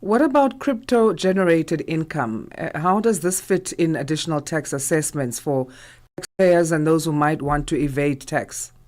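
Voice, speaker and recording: A news show host asking an expert clear, brisk questions in a radio interview. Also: medium pitch, lively intonation, darkish tone.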